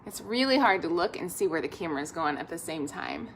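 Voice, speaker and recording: A woman's voice: lowish voice, lively intonation, brisk, a bit bright, a little hiss or hum. A woman hosting a live cooking stream, chatting upbeat and straight to her viewers while she cooks in her home kitchen. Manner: upbeat, talks straight to viewers, reads out comments. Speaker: host of a cooking livestream.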